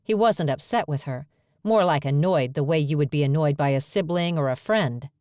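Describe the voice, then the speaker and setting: A woman narrating a first-person romance audiobook with clear, steady storytelling. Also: deep voice, moderate pace, no room sound, clean studio sound.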